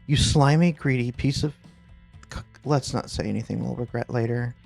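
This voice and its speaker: A man's voice: mid-range voice, normal speed, vocal fry, a little mellow, faint music behind. A man voicing a fiery, defiant record store owner who bursts out angrily at a landlord. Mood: furious. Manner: angry, defiant outbursts.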